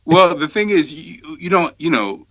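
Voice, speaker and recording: A man's voice: fairly high pitch, measured pace, lo-fi sound. A man hosting a live studio talk show in a casual, emphatic way that gets heated. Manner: animated, emphatic, gets fired up. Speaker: host.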